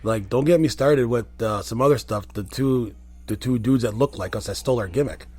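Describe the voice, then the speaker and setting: A man's voice: mid-range voice, a little fast, a little mellow. A man, a former wrestler, recounting his career in a casual interview, telling stories with many fillers and restarts. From Colombian and Puerto Rican family. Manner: storytelling, frequent fillers and restarts. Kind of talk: casual conversation.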